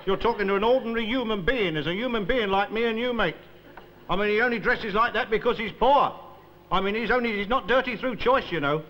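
A man's voice: sits high, quick pace, muffled recording, a little hiss or hum, natural voice. An actor playing a cheeky, argumentative male tramp in a 1960s TV sketch, rambling and calling everyone mate.

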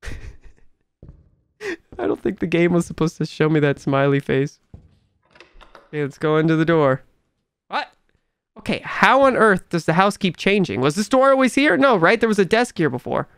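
A man's voice: fairly high pitch, big pitch swings, normal speed, vocal fry, pauses often, fairly bright tone, smooth, dry recording, studio quality. A young man commentating a horror game as he plays, jumpy and incredulous, talking back to what he sees on screen. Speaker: gaming YouTuber.

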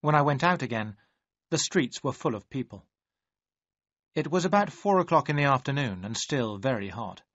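A man reading a story aloud in measured, even storytelling narration. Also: medium pitch, no room sound. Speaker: audiobook narrator. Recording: dry, slightly dull audio.

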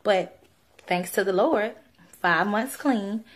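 A woman's voice: medium pitch, takes it slowly. A young woman speaking, giving an earnest, pleading personal testimony on video with many fillers. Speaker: vlogger sharing a religious testimony.

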